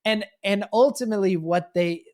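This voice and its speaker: A man's voice: high-pitched, normal speed, darkish tone. Thoughtful man explaining parenting ideas. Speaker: podcast co-host. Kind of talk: casual chat.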